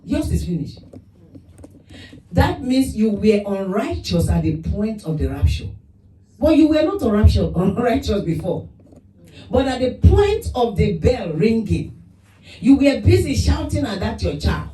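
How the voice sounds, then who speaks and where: A woman pastor preaching a lively sermon, laughing often and breaking into mock speaking in tongues. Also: a little high, measured pace, a little hiss or hum. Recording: echoey room, voice from a distance.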